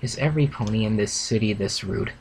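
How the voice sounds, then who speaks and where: A man's voice: fairly low pitch, fairly quick, a little mellow, a little hiss or hum, lightly acted. A man voicing a humble country stallion in a storybook reading, polite and hopeful. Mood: earnest.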